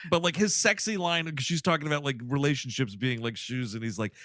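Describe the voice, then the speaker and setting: A man's voice: medium pitch, a little fast, dry recording, studio quality. A man co-hosting a comedy podcast, casually joking about a film and acting out its lines in mock voices. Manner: animated, mock-quoting characters in silly voices. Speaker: podcast co-host. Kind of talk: casual comedic movie-review chat.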